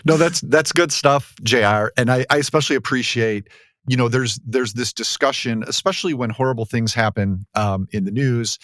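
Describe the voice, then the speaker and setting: A man hosting a podcast discussion, talking casually with many fillers and lively, self-deprecating asides. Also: medium pitch, moderate pace, dry recording. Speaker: podcast host.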